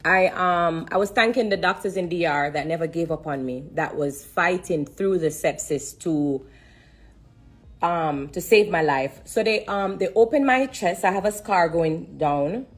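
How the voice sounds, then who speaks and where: A woman tells her story live, her voice low and husky. She repeats her faith again and again and keeps stopping to breathe so she won't cry. Soft music plays faintly behind her. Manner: emotional, fighting back tears, pausing to breathe; religious, repetitive phrasing. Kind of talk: emotional live-stream testimony.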